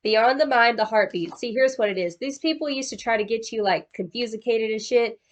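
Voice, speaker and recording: A woman's voice: on the high side, moderate pace, muffled recording. A woman giving a casual tarot card reading in a slangy, profane, chatty way, calling the listener boo-boo. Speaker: tarot reader.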